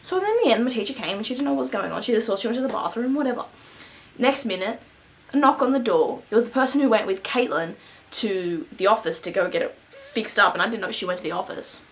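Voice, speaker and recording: A woman's voice: fairly high pitch, expressive, fast, slight background noise, low-quality recording. A young adult woman vlogger telling a school story casually, rambling with lots of fillers and frequent laughs. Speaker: beauty vlogger.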